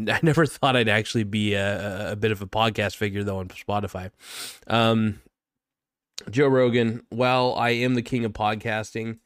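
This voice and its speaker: A man's voice: on the low side, fairly bright tone, clear, resonant tone, no room sound, studio quality. A young man hosting his own podcast, rambling through a joking, self-mocking monologue full of fillers. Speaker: podcast host.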